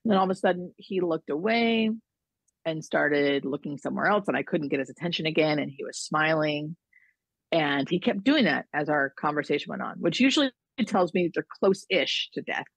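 Hospice-nurse guest, woman, low gravelly voice, chatty storyteller who acts out quotes. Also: lively intonation, normal speed, no room sound. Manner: chatty, lots of likes and you-knows, acts out quotes. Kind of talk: casual interview storytelling.

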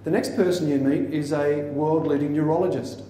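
A man with a fairly high but mellow voice delivers a theatrical motivational talk, acting out quotes and questions. He is heard from a distance in an echoey hall with a faint hiss underneath. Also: normal speed. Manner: theatrical, animated storytelling with mock quotes. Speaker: motivational speaker.

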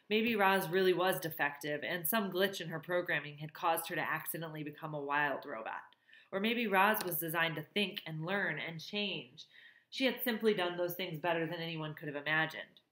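Woman reader, lowish voice, expressive storybook reading, roomy echo. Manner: expressive, warmly emotional reading. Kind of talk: reading a children's novel aloud.

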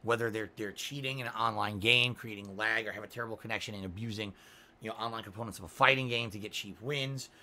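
A man's voice: on the low side, steady tone, fast talker, music in the background. A middle-aged man streaming live, ranting and at times sarcastic as he talks to his viewers. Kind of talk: livestream talk.

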